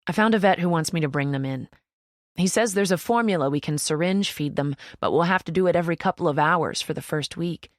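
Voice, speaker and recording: A woman's voice: fairly low pitch, brisk, no room sound, clean studio sound, lightly acted. A woman voicing an easygoing young man who speaks plainly and matter-of-factly. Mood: calm. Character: easygoing young adult brother, kind.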